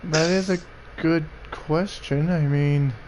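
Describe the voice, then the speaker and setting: A young man chatting casually with friends, reacting with slow, rambling, hesitant remarks. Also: a little high, fairly even intonation, background noise. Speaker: gamer in a friends' voice chat. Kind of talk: casual chat.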